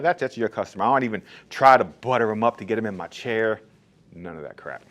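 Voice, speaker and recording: A man who owns a barbershop, talking bluntly and emphatically in a casual monologue about his shop rules. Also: medium pitch. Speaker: barbershop owner. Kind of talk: casual straight-talk monologue.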